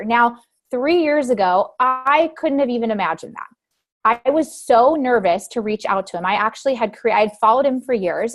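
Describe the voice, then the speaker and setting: A woman in her thirties telling a team meeting a motivational story from her own life, acting out her past panic in lively bursts. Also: on the high side. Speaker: motivational speaker.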